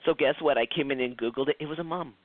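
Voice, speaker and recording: A man with a fairly high voice leads a psychic development class. He talks in a loose, chatty way, acts out quoted dialogue and often restarts his sentences. The sound is tinny and phone-like, with a dry, close feel. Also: fast, dry recording. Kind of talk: recorded class lecture.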